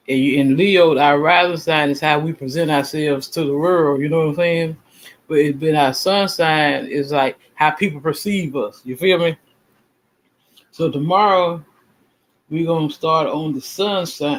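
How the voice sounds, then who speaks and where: A man's voice: a little high, rough recording. Rambling self-assured man, raised voice. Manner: rambling, emphatic, self-assured, repeats himself. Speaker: channel host. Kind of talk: casual livestream talk.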